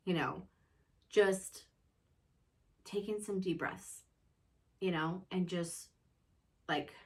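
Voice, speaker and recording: Earnest, chatty mom sharing reflections. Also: female voice, medium pitch, fairly bright tone. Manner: conversational, earnest, self-reflective, leans on "you know". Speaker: mother and show host. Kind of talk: casual reflective chat.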